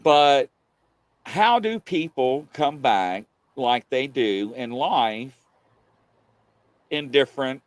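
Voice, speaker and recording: A man hosting a live show, telling stories in a rambling, animated way. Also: mid-range voice, takes it slowly, pauses often. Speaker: livestream show host. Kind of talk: casual live-show chat.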